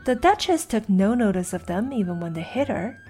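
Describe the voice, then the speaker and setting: Expressive woman reading a storybook. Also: mid-range voice, brisk. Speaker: reader of English literature. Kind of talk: storybook narration. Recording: soft background music.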